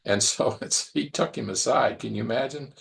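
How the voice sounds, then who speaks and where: A man's voice: mid-range voice, normal speed, creaky. A man preaching a conversational sermon, musing aloud and repeating phrases as he reflects.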